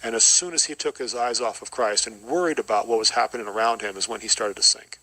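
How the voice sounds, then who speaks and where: A middle-aged man with a bright, forward voice speaks as a podcast guest. He gives an earnest, reflective personal testimony and often repeats short phrases. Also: mid-range voice, fast, dry recording, poor audio.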